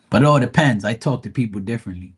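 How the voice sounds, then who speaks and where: Bermudian guy chatting on a live stream, slangy, animated, talks like he's telling stories to friends. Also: on the low side, breathy edge. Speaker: live tarot reader. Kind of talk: casual live-stream chat.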